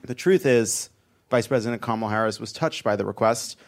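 A man anchoring a satirical comedy news segment, delivering jokes deadpan and breaking into asides. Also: on the low side, brisk.

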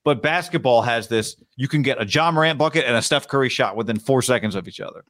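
A man's voice: medium pitch, quick pace, fairly bright tone, no echo. A male sports talk host with a mid-range voice, chatting casually and with energy. He now and then jumps into playful impressions of broadcasters. The sound is dry and close, with no room around it.

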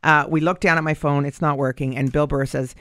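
A woman's voice: low voice, steady tone, brisk, no room sound, clean studio sound. A woman hosting a radio comedy show, telling stories in a chatty, casual way. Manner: chatty storyteller.

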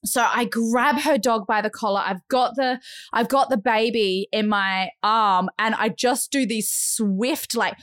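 Lively Australian woman telling stories. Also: a little high, unhurried, no echo, clean studio sound. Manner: animated, acts out other people's voices, lots of "like". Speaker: podcast co-host. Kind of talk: casual storytelling chat.

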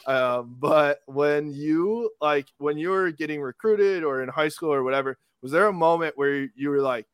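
A casual interviewer winds through loose, joking questions, restarting and padding with "like" as they go. The voice sits at a middle pitch and is recorded close and dry. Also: moderate pace, hardly any pauses, clear, resonant tone, no room sound. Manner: rambling, joking questions with many "like".

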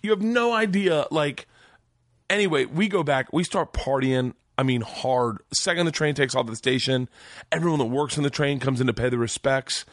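A man in his forties telling a long story in casual podcast chat, profane and animated, his voice leaping up when he quotes himself. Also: medium pitch, normal speed, no room sound, studio quality. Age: 40s. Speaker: podcast guest.

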